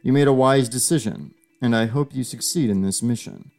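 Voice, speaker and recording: A man voicing a smug, professional government agent who speaks calmly and persuasively, in an audio story. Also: mid-range voice, soft background music, pitched above the performer's own voice, natural voice. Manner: calm, smug, measured persuasion.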